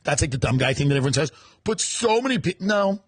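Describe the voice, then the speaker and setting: A man's voice: a little high, big pitch swings, fast, husky. A man delivering a sarcastic, profane comedic rant full of heated rhetorical questions.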